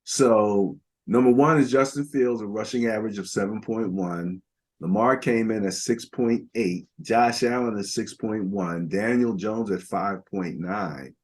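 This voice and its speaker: A man's voice: fairly low pitch, measured pace, darkish tone. An older man co-hosting a casual football podcast, rambling through stats with lots of fillers. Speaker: podcast co-host. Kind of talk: casual sports talk.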